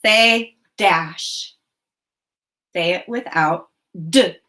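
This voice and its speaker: A woman teacher leading a phonics lesson for young children, speaking clearly and encouragingly. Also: on the low side, bright, forceful tone. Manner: slow, clear, encouraging enunciation.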